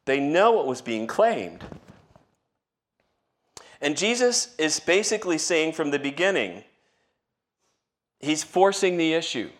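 A man preaching a sermon in a relaxed, conversational way, acting out quoted lines with rising and falling voice. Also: a little high, slow, pauses often. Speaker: pastor.

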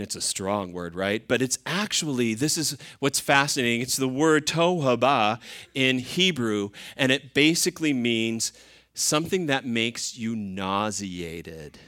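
A man's voice: medium pitch, a bit bright. A man preaching a sermon, talking to his listeners in a conversational way. He keeps asking them questions as he goes. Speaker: pastor.

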